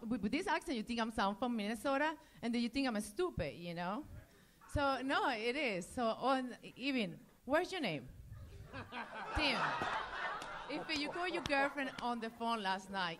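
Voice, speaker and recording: A woman with a Spanish accent doing a halting stand-up set, searching for words and giggling. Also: on the high side, fairly bright tone. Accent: Spanish-accented English.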